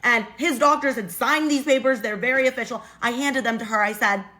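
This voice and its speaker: A woman in her twenties casually telling a dramatic storytime, chatty and animated, full of "like". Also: a little high, brisk. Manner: chatty, animated, many "like" fillers.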